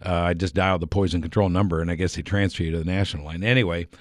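A man's voice: sits low, fairly even intonation, very fast, dry recording, clean studio sound. A middle-aged man telling a rambling anecdote on the radio, correcting himself and chuckling as he goes. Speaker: storyteller on a radio program. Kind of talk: casual anecdotal storytelling.

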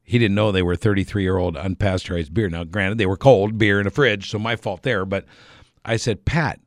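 Deep-voiced middle-aged man spinning a yarn. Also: steady tone, moderate pace, no room sound, clean studio sound. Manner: rambling, self-correcting, chuckles while telling. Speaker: storyteller on a radio program. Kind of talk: casual anecdotal storytelling.

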